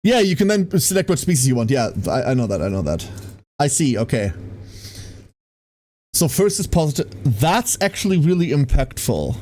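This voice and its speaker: A man from Germany, a streamer chatting casually with his live audience, animated and giggly as he greets viewers by name. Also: medium pitch, moderate pace.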